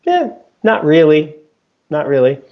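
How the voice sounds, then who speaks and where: A man's voice: on the high side, wildly swooping pitch, unhurried. Emphatic man on a dull lo-fi line. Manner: emphatic, repeats points, acts out quotes. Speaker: investment fund founder, guest. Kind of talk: animated market commentary. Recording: dull lo-fi sound.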